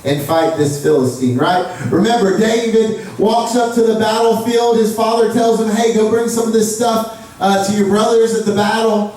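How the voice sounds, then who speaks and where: A man preaches a casual, storytelling sermon, bursting into acted voices now and then. His voice sits high for a man. He is heard from well off the mic in a strongly echoing church room with faint noise underneath. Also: normal speed, recorded from a distance. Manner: storytelling, acts out voices with rising excitement. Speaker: pastor. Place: church sanctuary.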